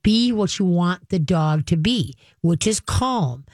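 A woman's voice: lowish voice, expressive, slow, darkish tone, dry recording, clean studio sound. Chatty folksy woman radio host. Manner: folksy, chatty, acts out voices. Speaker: radio show host, dog trainer. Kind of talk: casual call-in radio advice.

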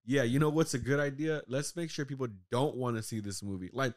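A man's voice: mid-range voice, a little fast. A man co-hosting a podcast, ranting casually about a movie, full of "like" and swearing. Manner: animated ranting, heavy use of "like" and swearing. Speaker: podcast co-host. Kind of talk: casual chat.

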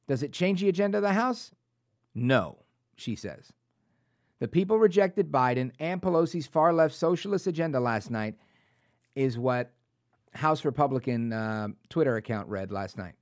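A man hosting a political talk show, reading news aloud with sarcastic, animated asides. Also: medium pitch, moderate pace, dry recording, clean studio sound. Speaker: talk radio host.

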